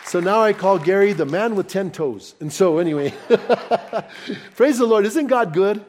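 A pastor in the middle of a sermon, his voice sitting a little higher than most men's. He tells stories to his congregation in an animated, personal way and builds them up with rising excitement. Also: a little slow, some chatter behind, a little hiss or hum. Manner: animated, personal anecdotes told warmly to a congregation. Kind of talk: sermon storytelling.

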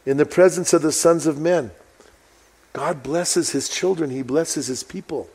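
Man preaching, slow emphatic scripture reading. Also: mid-range voice, a little mellow. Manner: conversational preaching, reads scripture slowly and emphatically. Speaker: pastor. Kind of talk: sermon reading and explaining a psalm.

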